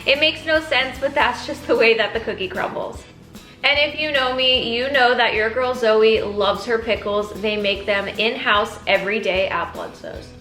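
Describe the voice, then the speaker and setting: A young woman hosting an upbeat food review vlog. Her voice sits a little high, and she sounds eager as she stops to taste things. It is recorded in an echoey room with faint music underneath. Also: normal speed, pushed and bright. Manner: enthusiastic, tasting food between lines. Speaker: food vlogger.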